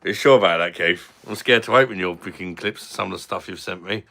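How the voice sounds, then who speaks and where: A man's voice: low-pitched, quick pace, vocal fry, pushed and bright. Blunt British man on a livestream. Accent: British English. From Britain. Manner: blunt, joking, swears casually. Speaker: livestream host. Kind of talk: casual livestream chat reading comments.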